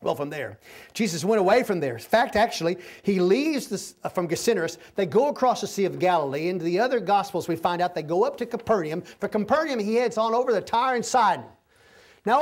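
A man preaches through a passage in a loose, conversational way, explaining as he goes. His voice sits high for a man. He keeps pausing to make sure his listeners are keeping up. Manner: folksy, repeatedly checks in with the listeners. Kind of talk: conversational verse-by-verse sermon.

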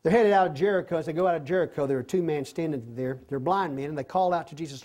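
Animated man teaching Bible study. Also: on the high side. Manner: animated retelling with repeated emphatic phrases; softer, slower closing prayer.

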